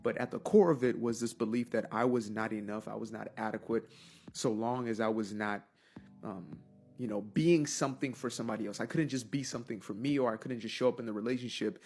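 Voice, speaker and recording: A man with a mid-range, noticeably gravelly voice speaks as he reflects on his past. He pauses and restarts often as he thinks. Soft music plays faintly behind him. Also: mid-range voice, fairly even intonation. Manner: thoughtful, halting, with fillers and restarts. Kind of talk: personal reflective testimony.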